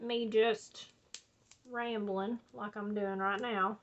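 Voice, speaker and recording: A woman's voice: medium pitch, steady tone, takes it slowly, muffled recording. A woman, chatting casually and rambling while she does a scrapbooking project at home. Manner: chatty, drawling, says y'all and like a lot. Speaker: scrapbooking video host.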